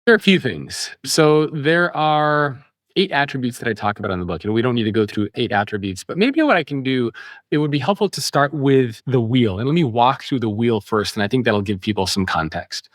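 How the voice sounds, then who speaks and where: Animated man explaining leadership ideas. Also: medium pitch, dry recording, studio quality. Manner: animated, acts out quoted voices. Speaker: author and podcast guest. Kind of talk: explanatory interview talk.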